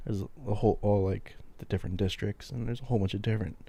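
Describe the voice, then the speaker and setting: A man with a lowish voice co-hosts a loose, joking podcast conversation. He laughs a lot and trips over his words with quick restarts. The sound is dry and close, with no room around him. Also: fairly even intonation, gravelly, warm tone, slightly rough, no echo. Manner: laughs often, stammering restarts. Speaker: podcast co-host. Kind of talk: casual chat.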